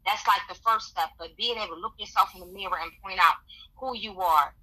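Bright-voiced woman giving encouraging advice. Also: mid-range voice, brisk, poor audio. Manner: earnest, encouraging, repeats affirmations. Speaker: podcast guest. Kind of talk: motivational advice.

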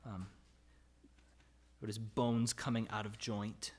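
A man's voice: lowish voice, little pitch movement, slow, slightly rough. A man preaching a sermon in a conversational way, reading scripture aloud and asking questions of his listeners. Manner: reads scripture aloud, rising to emphatic cries. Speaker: pastor.

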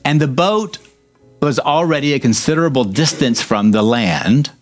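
A man's voice: medium pitch, expressive, moderate pace, soft background music. A man preaching a sermon, reading scripture and breaking into joking asides, hammering points with repetition.

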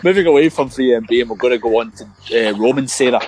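A man's voice: medium pitch, quick pace, a little mellow, a little hiss or hum, low-quality recording. Man leading a casual podcast chat. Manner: leads topics, conversational. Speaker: podcast host.

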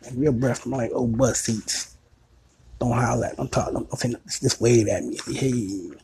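A man's voice: mid-range voice, moderate pace, darkish tone, slight background noise. A man giving a rambling, crude comic rant, repeating himself and putting on other people's voices. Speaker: comedic ranter.

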